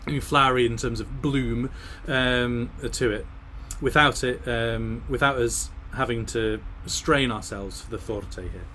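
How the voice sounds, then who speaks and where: Choir director coaching slowly, sung phrases. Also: male voice, mid-range voice, steady tone, sharp tone, a little hiss or hum. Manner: talks through the music, breaking into sung phrases. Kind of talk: online choir rehearsal coaching.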